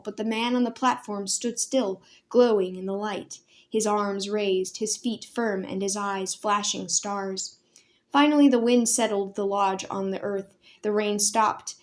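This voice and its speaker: A woman storyteller reading a children's chapter book aloud in a gentle, expressive way. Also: mid-range voice, a little slow. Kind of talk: storybook read-aloud narration.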